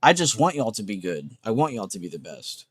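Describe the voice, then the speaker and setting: A man's voice: lowish voice, big pitch swings, a little fast, slightly rough, no room sound. A man hosting a trading livestream, talking in a blunt, emphatic, unscripted way, swearing often and repeating points.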